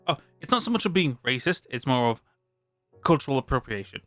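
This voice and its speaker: A man's voice: medium pitch, big pitch swings, a little fast, a bit bright, no echo, faint music behind. A British man streaming live, reading a tabletop game rulebook aloud and chatting about it between passages. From Britain. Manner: reads aloud then chats, with restarts.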